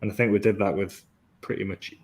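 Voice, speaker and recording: A man hosting a football podcast, talking through the match in a measured, analytical and enthusiastic way. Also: on the low side, steady tone, darkish tone. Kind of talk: casual football podcast chat.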